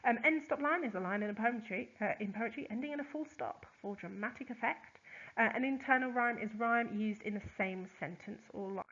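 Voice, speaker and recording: A woman, a teacher, explains poetry terms in a chatty recorded lesson, with lots of ums and quick examples. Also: fairly high pitch, fairly bright tone, lo-fi sound. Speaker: English teacher.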